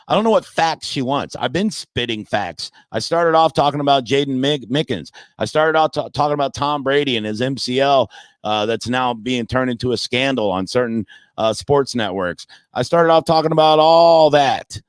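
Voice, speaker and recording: A medium-pitched man, a comedian on a podcast as a guest, chats brashly and profanely about sports while mocking those who criticize him. The recording is dry.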